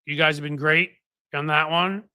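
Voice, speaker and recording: A man hosting a political live stream, chatting loosely with viewers, full of restarts and asides. His voice sits a bit high and bright. The sound is dry and close on a desk mic. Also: fairly even intonation, moderate pace, clear, resonant tone, no echo. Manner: rambling, chatty, many fillers and restarts. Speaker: political commentary host. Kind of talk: casual live-stream chat. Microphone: desk microphone.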